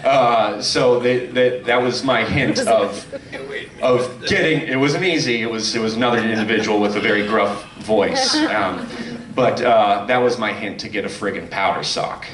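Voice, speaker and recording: A former circus clown telling a funny anecdote on a convention panel, halting with fillers and restarts and chuckling often. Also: male voice, lowish voice, crowd noise. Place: convention hall. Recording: echoey hall, mic some distance off.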